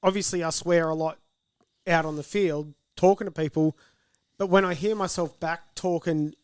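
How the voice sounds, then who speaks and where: A man's voice: fairly high pitch, steady tone, normal speed, clean tone, dry recording. An Australian man co-hosting a podcast, talking in an easygoing, reflective way. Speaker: podcast co-host. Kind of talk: casual chat.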